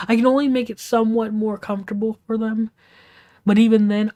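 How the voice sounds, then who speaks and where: Late at night at home, a woman livestreamer vents a storytime to her viewers, keeping her voice low and often sinking to a half-whisper so she stays quiet. She rambles briskly with a fairly even intonation, restarting often and swearing casually.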